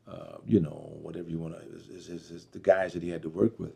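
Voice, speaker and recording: A middle-aged man telling his life story as an interview guest, earnest and reflective, halting with fillers. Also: deep voice, gravelly, warm tone, slightly rough. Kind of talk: personal testimony interview.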